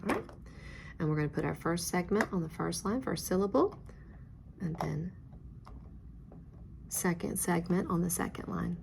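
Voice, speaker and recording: A woman's voice: on the low side, lively intonation, moderate pace, gravelly, pauses often, background noise. A woman teaching a phonics lesson, guiding learners step by step with patient, encouraging praise.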